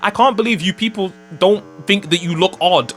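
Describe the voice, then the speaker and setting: A man's voice: high-pitched, normal speed, fairly bright tone. A man ranting in an opinion vlog, exasperated and incredulous, his voice worn out. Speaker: vlogger.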